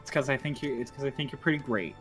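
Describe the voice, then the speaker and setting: A man joking around in a relaxed group call, ribbing his friends and laughing easily. His pitch sits in a middle range. Soft music plays faintly behind him. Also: fast talker. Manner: teasing, joking, laughs often. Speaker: show regular. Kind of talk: casual group chat on stream.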